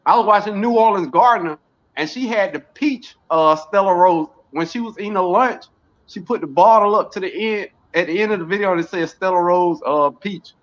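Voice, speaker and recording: A man's voice: sits high, a little fast. A man co-hosting a live stream, joking and reading viewer comments aloud. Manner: reads out viewer comments, jokey, laughs. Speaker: co-host of a live gardening stream. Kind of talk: casual live-stream chat. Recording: dull lo-fi stream audio.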